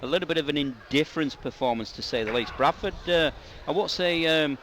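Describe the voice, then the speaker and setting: A man giving live radio commentary on a rugby league match, his voice rising into shouts on attacking plays. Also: a little high, brisk. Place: stadium commentary position. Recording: outdoor stadium with loud crowd and noise.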